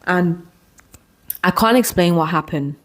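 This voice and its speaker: A woman in her thirties, hosting her own podcast, talks through a personal story with a lowish voice. Her delivery is candid and loose, full of restarts and asides as she circles back on her thoughts. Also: unhurried. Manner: candid, rambling, with frequent restarts and "like". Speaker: podcast host.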